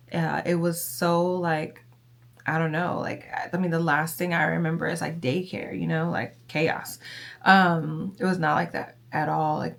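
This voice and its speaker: A young woman chatting to camera as a mother vlogger, talkative and emotional, with lots of fillers. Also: fairly low pitch. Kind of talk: casual chat to camera.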